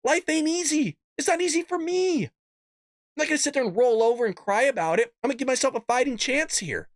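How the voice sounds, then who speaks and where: A man's voice: extremely high pitch, animated, brisk, no room sound, clean studio sound. A man hosting a political commentary show, ranting bluntly and cussing. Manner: blunt, fired-up, cusses. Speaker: host.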